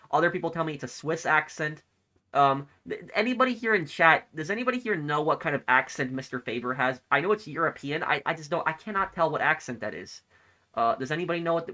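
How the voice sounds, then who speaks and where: A male streamer chats through a live game session, reading viewer comments aloud and answering them. His bright, forward voice rambles in a friendly way and often restarts mid-thought. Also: on the high side. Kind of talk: casual livestream chat reading comments.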